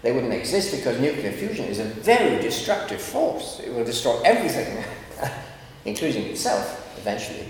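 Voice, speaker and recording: A man, a philosopher, giving a lively, wry lecture full of asides. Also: medium pitch, moderate pace. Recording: echoey lecture hall with faint background noise.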